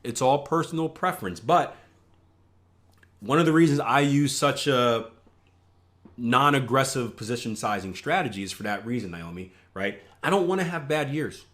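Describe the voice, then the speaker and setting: Trading-coach host, male, mid-pitched, casual explainer who keeps asking "right?" and pokes fun at himself. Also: expressive, moderate pace, fairly bright tone. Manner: conversational, many filler "right?" checks, self-mocking asides. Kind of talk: casual teaching over a screen share.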